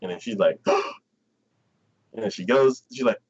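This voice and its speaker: A man's voice: on the low side, slow pace, slightly rough, highs cut off. A man hosting a casual livestream chat, retelling an anime episode with lots of fillers and acted-out lines. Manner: animated plot retelling, acting out characters in quotes. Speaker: anime podcast host.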